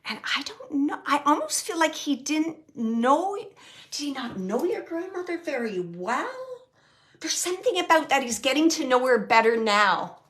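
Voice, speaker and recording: A woman medium giving a live reading to an audience member, talking in a halting, searching way with soft whispered asides. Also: sits high, big pitch swings.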